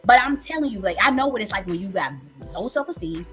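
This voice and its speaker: A woman's voice: mid-range voice, expressive, quick pace, fairly bright tone, faint music behind. A woman in her thirties hosting a casual livestream, telling a story candidly with frequent profanity and repetition for emphasis. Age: 30s. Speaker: livestream host.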